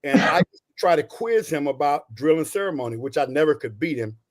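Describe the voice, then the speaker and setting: A man in his sixties from Texas tells stories from his military career as a podcast guest. His voice sits fairly high for a man and is animated and folksy, with lots of "you know" and "right?". He is a retired soldier talking to an interviewer. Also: fairly quick.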